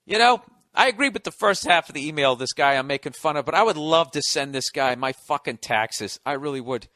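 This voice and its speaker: A man's voice: fairly high pitch, animated, a little fast, sharp tone. A middle-aged American man hosting a podcast, delivering a sarcastic, profane comedic rant. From United States. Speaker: podcast host.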